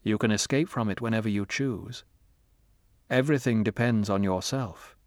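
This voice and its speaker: A man's voice: fairly low pitch, normal speed, a little mellow, no echo, studio quality, close to an everyday voice. A man voicing a cold, menacing middle-aged male interrogator in an audiobook, with a harsh, commanding, contemptuous manner. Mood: cold, calm. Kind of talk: audiobook character reading.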